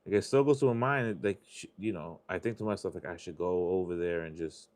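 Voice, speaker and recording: Fairly quick and darkish in tone, this man's voice sits low. He hosts a live stream where he scratches lottery tickets and chats casually, drifting into confessional rambles and swearing liberally.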